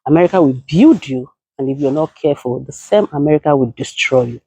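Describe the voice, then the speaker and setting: Nigerian woman preaching advice at the camera, mellow low tone, dry close sound. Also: lively intonation, fairly quick, husky, no echo. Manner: emphatic, lecturing, mixes in Nigerian Pidgin. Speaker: content creator and caregiver. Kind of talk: casual advice talk to camera.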